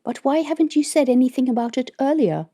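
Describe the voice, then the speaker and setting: A woman's voice: high voice, expressive, fast, dark tone, voice pushed up. A woman voicing a flustered, earnest male space biologist in an audiobook, apologetic in tone.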